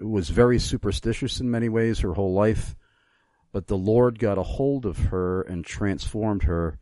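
A man in his sixties hosting a talk show, speaking in an earnest, measured way. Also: deep voice, mellow, no room sound. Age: 60s. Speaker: radio show host. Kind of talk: talk show, personal testimony.

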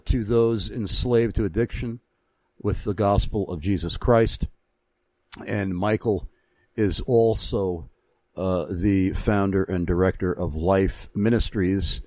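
A man hosting a Christian radio interview show, reading an ad and then questioning his guest with measured, halting phrasing. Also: on the low side, warm tone, no echo.

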